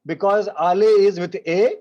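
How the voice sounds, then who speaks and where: A man with an Indian accent teaching French in an online class, repeating each phrase slowly and mixing English with Hindi. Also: high voice, fairly even intonation, warm tone. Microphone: video call. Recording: muffled video call audio.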